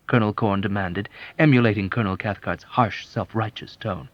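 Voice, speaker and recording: A man narrating an unabridged audiobook in a measured, expressive storytelling manner. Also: lowish voice, no echo. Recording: dull, dry lo-fi audiobook.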